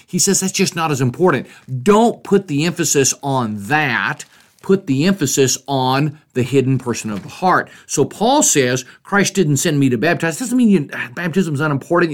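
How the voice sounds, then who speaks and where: Guy doing a bible study podcast, kinda high voice, earnest teacher vibe, slips into little quoted voices.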